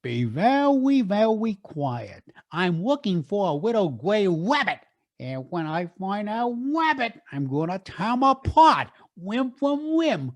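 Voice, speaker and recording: A man voicing a bumbling cartoon hunter, speaking slowly with r sounds turned into w. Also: sits high, big pitch swings, voice pushed up, full character voice. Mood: sneaky.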